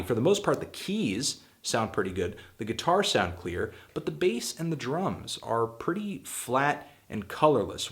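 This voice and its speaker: A man hosting his own show, giving a casual spoken album review, blunt and full of hedging fillers, getting emphatic and exasperated at times. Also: medium pitch. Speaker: music critic and show host.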